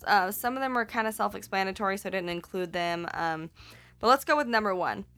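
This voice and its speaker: A woman's voice: mid-range voice, fairly quick, fairly bright tone. A woman hosting a casual movie recap, chatty and rambling, correcting herself and swearing playfully.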